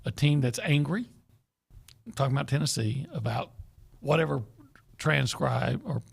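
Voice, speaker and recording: A man co-hosting a sports radio show, a former reporter speaking in a measured, considered way. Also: mid-range voice, animated, gravelly. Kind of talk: casual sports radio chat.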